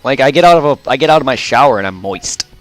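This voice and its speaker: A man's voice: medium pitch, lively intonation, fast talker, no room sound, faint music behind. A man chatting casually while streaming a game, rambling and repeating himself. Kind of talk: casual chat while gaming.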